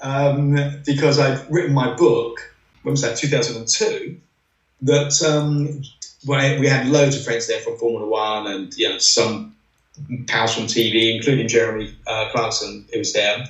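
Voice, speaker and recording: Recorded with a muffled, roomy sound from far off the mic, this middle-aged man is a former racing driver appearing as a podcast guest. In an anecdotal interview he wanders through racing tales, leaning on "you know" again and again. His medium-pitched voice stays fairly even, a bit bright, at a normal speed.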